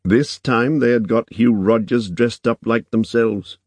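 A man reading a novel aloud in measured, even scripted narration. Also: medium pitch, dry recording. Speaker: audiobook narrator.

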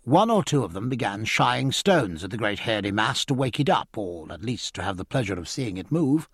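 A man narrating a story in a measured storytelling manner. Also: on the low side, big pitch swings, slightly rough, no echo, clean studio sound. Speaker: audiobook narrator. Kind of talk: scripted narration.

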